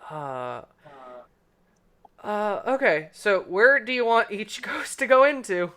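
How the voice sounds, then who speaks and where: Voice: medium pitch, sing-song, takes it slowly, sharp tone. A game master narrating a tabletop game casually, laughing often between filler words.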